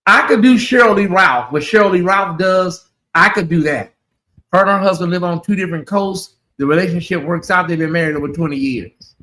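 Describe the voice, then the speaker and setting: Sassy male host chatting on a livestream with a high, crisp, bright voice. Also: normal speed. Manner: sassy, chatty, calls listeners honey and y'all. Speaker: channel host. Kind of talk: casual livestream chat.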